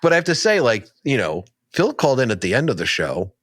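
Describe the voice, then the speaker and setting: A man's voice: mid-range voice, wildly swooping pitch, quick pace, fairly bright tone, no echo. A man co-hosting a movie podcast, chatting casually with a dry, mock-serious manner. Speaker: podcast co-host.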